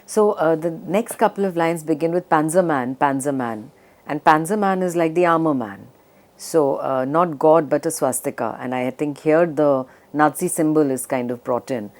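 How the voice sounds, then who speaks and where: A low-pitched woman lecturing on poetry in a measured academic way. She pauses often with small fillers and slows down to read lines of verse aloud. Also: darkish tone. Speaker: literature professor.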